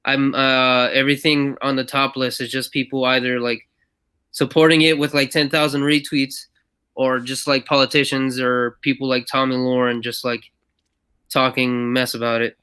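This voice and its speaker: Brief: male podcast host, bright, crisp voice, wry laid-back chat. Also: medium pitch, level tone, moderate pace. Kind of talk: casual chat.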